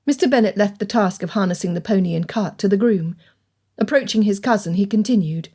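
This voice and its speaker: A woman narrating an audiobook in a steady, clear storytelling manner. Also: mid-range voice, normal speed. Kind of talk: scripted narration.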